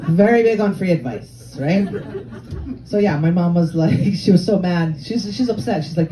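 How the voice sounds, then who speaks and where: A woman's voice: on the low side, moderate pace, noisy background. A woman in her forties from Lebanon and Canada, doing a brash, profane, self-mocking stand-up comedy set on a comedy club stage. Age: 40s. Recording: live club crowd laughing.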